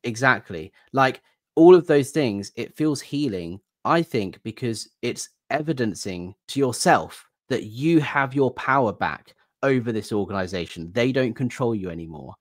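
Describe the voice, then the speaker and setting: A man's voice: mid-range voice, lively intonation, measured pace, dry recording, clean studio sound. A man, a guest on a video chat, speaking in an earnest, firm, explanatory way. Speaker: guest, ex-member activist. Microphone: video call.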